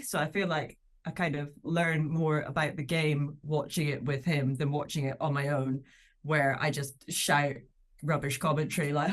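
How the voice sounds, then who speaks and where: Scottish woman comic, thirties, low-pitched, brisk and playful anecdotes. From Scotland. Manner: lively storytelling, laughs often, puts on voices for quotes. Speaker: comedian guest. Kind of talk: casual podcast chat.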